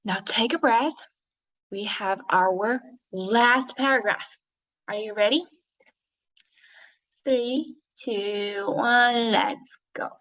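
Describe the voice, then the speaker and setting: A woman's voice: fairly high pitch, drawn-out words, long pauses, fairly bright tone, muffled recording. A woman teaching an English reading lesson to young learners, patient and encouraging, modelling how to read with expression.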